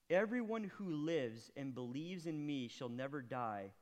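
A man preaching a sermon, swinging from hushed, intimate lines to loud, impassioned appeals. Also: fairly high pitch, expressive, unhurried, few pauses. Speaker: pastor.

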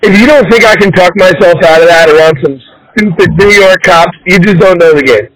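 A man's voice: high voice, brisk, a bit bright. A man co-hosting a podcast, cocky and argumentative in casual banter on a phone call. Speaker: podcast co-host.

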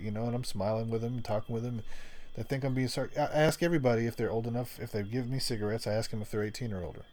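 A man's voice: mid-range voice, very fast, a little mellow. A man telling rambling, profane work stories in casual chat, laughing often. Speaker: storyteller in casual conversation.

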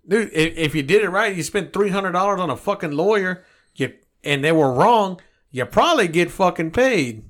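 A man's voice: high voice, animated, normal speed, a bit bright. Heated, profane man ranting on a podcast. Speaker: podcast co-host. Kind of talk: casual podcast rant.

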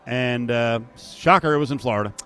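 A man's voice: medium pitch, moderate pace, bright, forceful tone, clean tone. A man hosting a sports betting radio show, casual and dryly sarcastic.

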